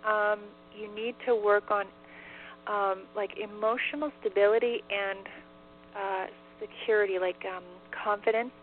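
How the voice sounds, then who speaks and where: A woman's voice: mid-range voice, steady tone, a little slow. A woman talking as a medium, in casual chat full of fillers and "like", relaying answers. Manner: chatty, many fillers and "like". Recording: tinny phone line with faint hiss.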